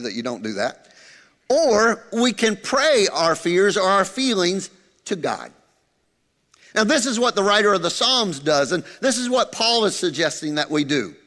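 A man preaching a sermon as pastor, animated, dropping to soft low tones for emphasis. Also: long reverb tail.

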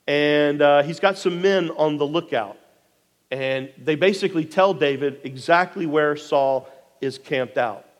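A man preaching a sermon, retelling a scripture story in an animated way, sometimes dropping to near quiet. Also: fairly high pitch, in a large hall. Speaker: pastor.

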